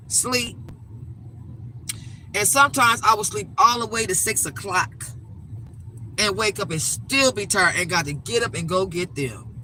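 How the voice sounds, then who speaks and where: An older woman hosting a live stream, telling a story in an emphatic, animated way and swearing freely. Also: medium pitch, slight background noise, low-quality recording. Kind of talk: casual storytelling rant.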